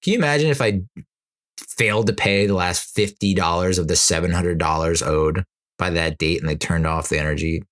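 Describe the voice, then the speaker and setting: Low male voice, podcast host, casual and rambling, quick to laugh, exasperated asides. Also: a bit bright. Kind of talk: casual solo podcast chat.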